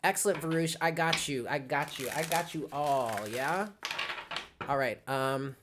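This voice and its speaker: This tarot reader speaks a little slowly in a mid-range voice during a live reading, casually thinking aloud as she addresses viewers by name and asks "okay?" again and again. Background noise is audible.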